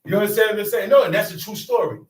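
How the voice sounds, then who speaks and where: Man with a high voice, preaching casually to a group, recorded from off the mic in a roomy space. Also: very fast, distant mic. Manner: animated, preachy, repeats phrases for emphasis. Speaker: teacher of a religious group. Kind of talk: informal sermon to a congregation.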